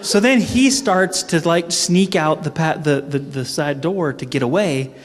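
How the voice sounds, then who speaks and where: A middle-aged man telling a funny personal story at a team training, animated and self-mocking. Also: on the high side, measured pace. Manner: animated, humorous, acts out his own panicked voice. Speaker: speaker at a sales team training. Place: event hall. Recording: echoey hall reverb.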